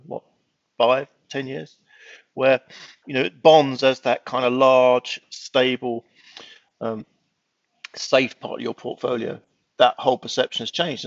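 A man's voice: mid-range voice, vocal fry, dry recording, dull audio. A man on a finance panel discussion, rambling with frequent restarts.

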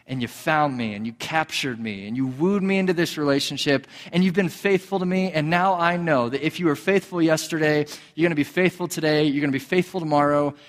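A man preaching a sermon in a conversational, storytelling way, with fillers and repeated words. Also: on the high side. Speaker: pastor. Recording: long hall reverb.

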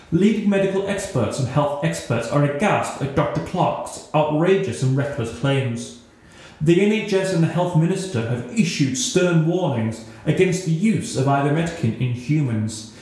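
A man narrating a scripted story in a steady, newsreader-like reading, in a very echoey room. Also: a little high.

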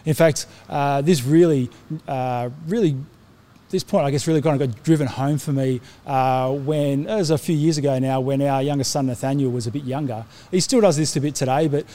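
A man's voice: medium pitch, steady tone, brisk, mellow. A middle-aged man preaching a sermon to his congregation, earnest, often restarting his sentences with fillers. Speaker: pastor.

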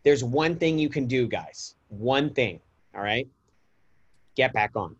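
A man's voice: mid-range voice, expressive, slow, slightly rough, highs cut off. A man in his thirties co-hosting a podcast, chatty and talking straight to listeners. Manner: chatty, addresses listeners as guys. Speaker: podcast co-host. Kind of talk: casual podcast chat.

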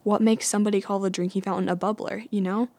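A woman from the United States explains things in a relaxed, chatty way, shaping each word crisply. Her pitch sits in a middle range for a woman. The sound is close and dry, with no room around it. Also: fast, no room sound. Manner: chatty, laughs at her own jokes; carefully enunciated. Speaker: host. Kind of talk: casual educational talk.

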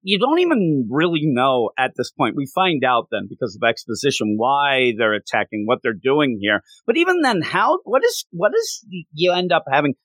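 A man co-hosting a casual comic book chat, ranting in an animated, exasperated way. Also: medium pitch, moderate pace, hardly any pauses, dry recording. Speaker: podcast co-host.

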